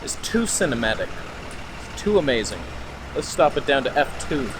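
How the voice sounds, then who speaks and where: A man's voice: mid-range voice, sing-song, normal speed, very noisy. A man ranting sarcastically in a camera review vlog, swearing often, recorded outdoors.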